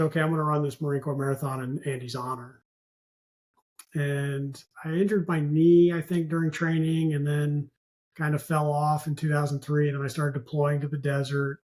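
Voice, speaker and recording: A man's voice: mid-range voice, a little mellow. A man in his fifties, a retired naval officer and podcast guest, telling his personal story earnestly and acting out what people said. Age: 50s. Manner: earnest, recounts with quoted dialogue.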